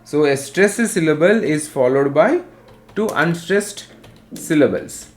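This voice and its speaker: Slow, deliberate Indian English male teacher. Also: fairly high pitch, animated, darkish tone, a little hiss or hum. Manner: slow, spells out terms and repeats definitions. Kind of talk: online class lecture.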